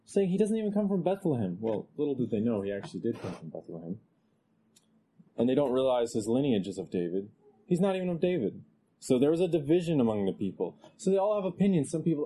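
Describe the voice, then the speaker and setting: A male preacher giving a conversational expository sermon, growing animated when he reads scripture aloud. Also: mid-range voice, brisk, slight background noise, rough recording.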